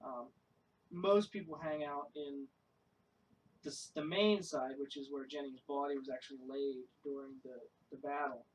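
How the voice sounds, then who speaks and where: A man walks his friends through the rooms of a basement, plain and unhurried, filling gaps with um and like. His voice is mid-pitched and heard from across the room, with faint noise. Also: steady tone. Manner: explains plainly, hedging with um and like. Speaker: paranormal investigator. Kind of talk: casual group chat. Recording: distant mic with faint noise.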